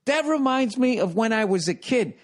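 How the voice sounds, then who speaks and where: An American comedian in his forties hosts his own podcast, telling a rambling story in a profane, exasperated way. His voice is extremely high-pitched and expressive, at a normal speed.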